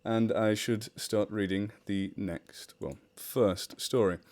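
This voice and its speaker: Fairly low in pitch and slow, with even intonation and a darkish tone, a British man with a mixed British-American accent hosts a homey charity stream and tells stories. Chatty and self-deprecating, he laughs frequently and reads the chat aloud. His desktop microphone is near a fish tank.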